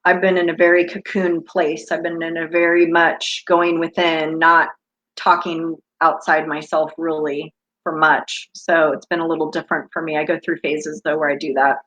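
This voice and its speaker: A woman's voice: low-pitched, little pitch movement, moderate pace, fairly bright tone. Chatty spiritual coach woman, lo-fi live stream. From United States. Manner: chatty, tangent-prone, spiritual. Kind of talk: casual live-stream talk with viewers.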